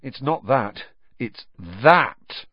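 A man's voice: medium pitch, expressive, very slow, dry recording. Guy voicing a panicky storybook schoolboy, gaspy and upset, dry lo-fi audio. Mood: dismayed. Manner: gasping, dismayed. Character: dismayed young schoolboy, panicky friend.

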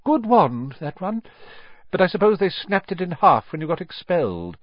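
A man voicing an eccentric, soft-spoken old male wandmaker who can turn stern and sharp, in a storybook reading. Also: high voice, sing-song, normal speed, dry recording, dull audio, pitched above the performer's own voice. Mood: delighted.

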